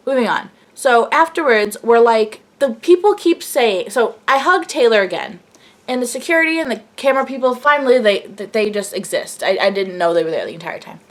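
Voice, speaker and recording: Young woman vlogging, kinda high voice, gushing and breathless, says like a lot. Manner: gushing, breathless, full of "like" fillers. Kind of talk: excited storytelling vlog.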